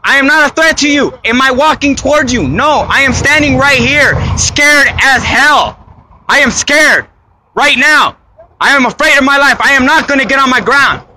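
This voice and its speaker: Frightened crying man, very high-pitched, strained tense voice, insistent pleading, repeats himself, shouts at times. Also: moderate pace, slight background noise. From United States. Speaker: citizen confronted by police. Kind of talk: pleading confrontation.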